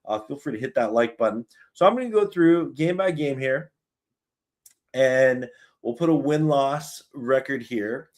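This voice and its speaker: Speaking unhurriedly at a medium pitch, this man with a Canadian accent runs a live sports fan stream, where he's excitable and talkative.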